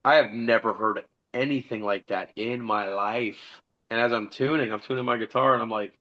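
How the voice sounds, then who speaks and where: A man's voice: medium pitch, fairly even intonation, moderate pace, muffled recording. A middle-aged man telling a rambling, profane story about his band and acting out the dialogue in a casual podcast interview. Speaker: podcast guest, musician.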